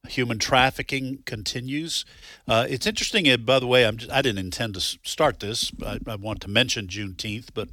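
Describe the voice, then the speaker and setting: Man, radio host, bright, dry studio sound, rambling chat. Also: medium pitch, no room sound. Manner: rambling, halting with frequent restarts and chuckles. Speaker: radio talk show host. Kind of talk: casual studio talk.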